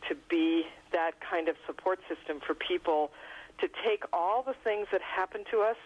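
A woman, an author guest on a radio interview, telling lively anecdotes and often laughing. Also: on the low side, dull audio. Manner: animated storyteller, laughs often.

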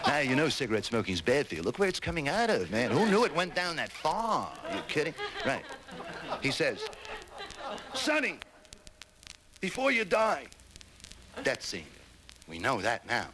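A man's voice: mid-range voice, very animated, normal speed, crowd noise. A male comedian retelling a war movie in hip slang, adding sound effects. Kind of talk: stand-up comedy routine.

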